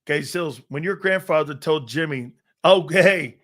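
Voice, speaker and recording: A man's voice: fairly high pitch, normal speed, fairly bright tone. A man in his fifties hosting a sports talk show, telling brash, boastful stories full of restarts and acted-out quotes. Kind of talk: casual sports talk storytelling.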